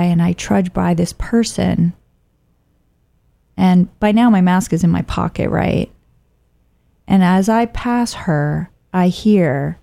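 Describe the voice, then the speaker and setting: A middle-aged woman from Oakland telling a personal story in a wry, blunt, animated way. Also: lowish voice, creaky. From Oakland, California.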